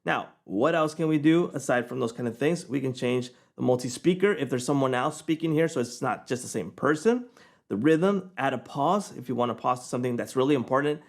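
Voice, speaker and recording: A man giving a casual, chatty screen-recorded software tutorial, often checking in with the viewer. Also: medium pitch, brisk. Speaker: software reviewer.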